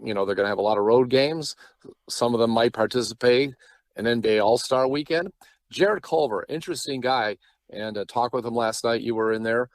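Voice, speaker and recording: A man's voice: medium pitch, a little fast, no echo, poor audio. A man from Chicago, a sports broadcaster being interviewed, who tells long, rambling stories with many asides. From Chicago, Illinois. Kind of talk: casual interview chat.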